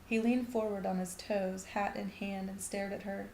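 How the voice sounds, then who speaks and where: A woman reading a short story aloud in a steady, even narrating voice. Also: medium pitch, moderate pace, a little hiss or hum. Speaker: reader. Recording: echoey room.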